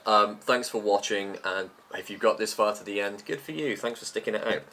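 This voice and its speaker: A man's voice: fairly low pitch, a bit bright. A middle-aged man vlogging in an unscripted, rambling chat about tech, sometimes talking with his mouth full.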